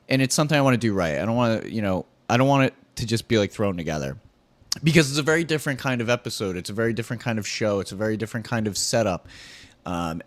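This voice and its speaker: A man hosting his own podcast, talking solo in a candid, rambling, profane and self-deprecating way. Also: on the low side. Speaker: podcast host.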